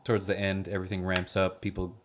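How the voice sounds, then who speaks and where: A young man with a fairly low voice co-hosts a relaxed movie chat. He is easygoing and agreeable and jokes along with his partner. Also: quick pace, a little hiss or hum. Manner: laid-back, agreeable, jokey. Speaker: podcast co-host.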